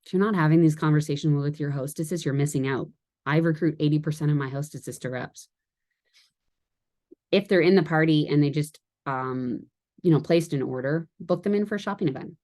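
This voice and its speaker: A woman with a notably low, deep voice talks her sales team through a training in a loose, chatty way. She laughs at her own jokes and often drifts into side stories before pulling herself back on track. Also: brisk, a little mellow. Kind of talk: casual training talk to a team.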